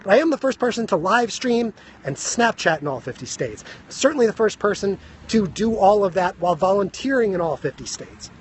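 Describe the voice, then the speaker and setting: A man giving a fast, emphatic motivational talk on a phone live stream, out of breath, and he keeps asking "right?". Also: high voice, animated, slight background noise. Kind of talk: energetic motivational talk to viewers. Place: high school grounds.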